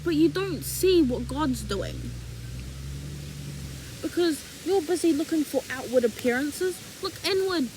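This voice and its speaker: High-voiced young woman, animated. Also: a little slow, slight background noise, rough recording. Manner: animated, acts out imagined dialogue, slangy. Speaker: faith vlogger. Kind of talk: casual faith talk.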